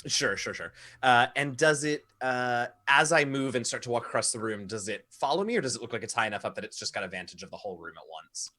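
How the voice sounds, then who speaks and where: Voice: medium pitch, lively intonation, quick pace, few pauses, pushed and bright. A player in a tabletop role-playing game, talking through moves hesitantly and thinking aloud. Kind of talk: tabletop role-play chat.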